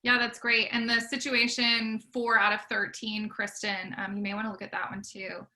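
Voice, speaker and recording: Woman in a discussion group, bright voice, a bit higher, helpful. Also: flat delivery, normal speed. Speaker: participant.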